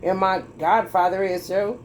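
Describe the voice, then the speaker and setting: Here the tarot reader sounds mid-range and steady, speaking at a measured pace against a slight hiss or hum. Her reading turns into a heated, moralizing, foul-mouthed speech aimed squarely at her viewers, delivered in an emphatic drawl.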